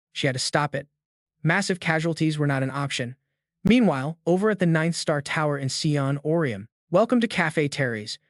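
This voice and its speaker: A man's voice: fairly high pitch, no echo, clean studio sound. A man narrating a story recap in a hyped, slangy storytelling manner.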